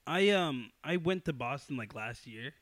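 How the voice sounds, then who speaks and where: A young man hosting a casual podcast chat, excitable and swearing often, breaking into loud laughter. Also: mid-range voice, moderate pace, no room sound. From New York. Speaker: podcast host.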